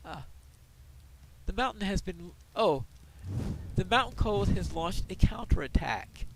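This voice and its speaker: A man's voice: sits high, animated, unhurried, vocal fry, noisy background. A man giving casual gameplay commentary, chatting and explaining the game mechanics as he plays.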